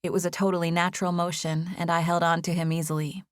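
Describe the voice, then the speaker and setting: A woman narrating a first-person romance audiobook in a gentle, expressive reading. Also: fairly low pitch, fast, no echo, studio quality.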